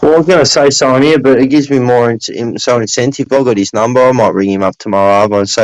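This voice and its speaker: A man's voice: medium pitch, steady tone, quick pace, hardly any pauses, no room sound, poor audio. An Australian man hosting a casual chat in a blunt, sweary, earnest way.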